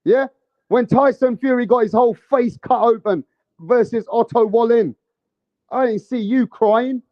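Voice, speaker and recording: Man, high voice, dry close sound, dull lo-fi audio, brash profane boxing vlog rant. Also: measured pace, no room sound. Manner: brash, profane, heated ranting. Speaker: boxing commentator. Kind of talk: casual vlog commentary.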